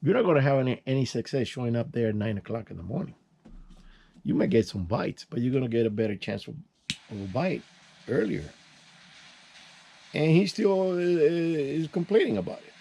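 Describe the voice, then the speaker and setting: An older man talks in a relaxed, mellow tone, drifting from one story to the next as he works with his hands. His delivery is folksy and unpolished, full of restarts and sound words like "boom.". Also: moderate pace, creaky, pauses often, slightly rough. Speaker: channel host. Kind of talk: casual vlog storytelling while working.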